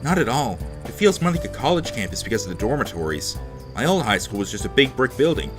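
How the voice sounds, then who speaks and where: A man's voice: medium pitch, very animated, quick pace, a bit bright, soft background music. A man reading the lines of a shy, polite new schoolgirl in a visual novel, close to his own voice.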